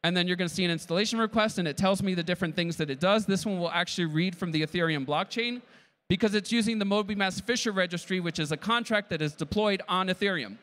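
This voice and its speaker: A man's voice: sits high, quick pace, fairly bright tone. A man giving a tech conference talk with a live demo, eager and keeps checking in with the audience. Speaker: conference presenter.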